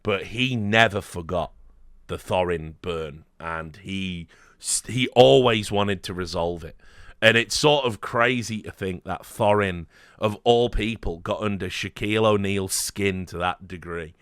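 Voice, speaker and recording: A man's voice: low-pitched, a little slow, smooth, no room sound, studio quality. Swearing man telling a story. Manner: animated, swearing, with frequent fillers and quoted voices. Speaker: host. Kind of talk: casual anecdote storytelling.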